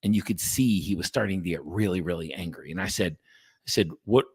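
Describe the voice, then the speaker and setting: Deep, husky, and fairly quick, the voice belongs to a man who hosts a podcast and coaches. Addressing listeners casually, he's forceful and blunt, swears liberally, and keeps restarting sentences, with no room sound.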